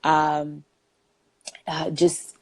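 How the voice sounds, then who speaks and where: A woman's voice: low-pitched, level tone, very slow. A young woman in her twenties, a guest telling a story in a casual, chatty way with lots of "like" fillers.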